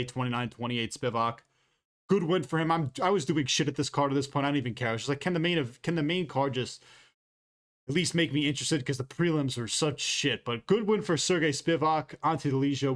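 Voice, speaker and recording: A man's voice: mid-range voice, a bit bright. Brief: male fight-recap vlogger, unfiltered and profane, opinionated off-the-cuff delivery, mid-range voice. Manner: quick, off-the-cuff delivery with fillers. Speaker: MMA commentator and YouTuber.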